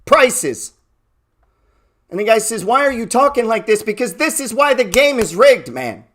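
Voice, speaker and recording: A man giving a trading talk, cursing often and firing rhetorical questions, swinging between loud bursts and low murmurs. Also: big pitch swings, moderate pace. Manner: profane, emphatic, rhetorical questions. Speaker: trading educator. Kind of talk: motivational talk.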